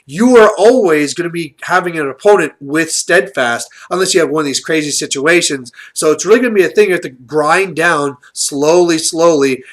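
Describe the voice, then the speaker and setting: A man's voice: a little high, fairly bright tone. A man hosting his channel, giving casual strategy commentary in a chatty way, with lots of fillers. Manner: chatty, filler-heavy, explaining tactics. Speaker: channel host.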